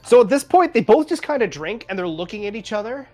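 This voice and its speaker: A man's voice: high-pitched, fast, soft background music. A man from Canada narrating a tabletop game as game master, loose and chatty. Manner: loose, lively narration with many fillers.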